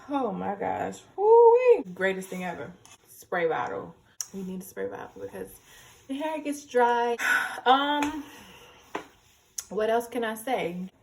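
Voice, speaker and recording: A woman's voice: mid-range voice, gravelly, a little hiss or hum. A young woman chatting casually through a hair tutorial at home, nervous and a little tipsy, rambling and giggly, recorded on a camera mic. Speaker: hair vlogger.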